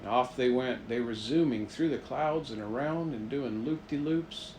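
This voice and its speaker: A man's voice: mid-range voice, moderate pace, darkish tone, roomy sound, slight background noise, low-quality recording. A man telling a playful, improvised bedtime story as a parent.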